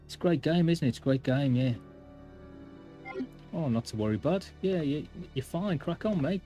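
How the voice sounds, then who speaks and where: A man puts on a friendly young Australian fellow, easygoing and full of reassurance. The voice sits noticeably higher and brighter than his normal talk, and it comes out chirpy and relaxed. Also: normal speed, faint music behind, close to an everyday voice. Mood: breezy. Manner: easygoing, reassuring, lots of "yeah, yeah".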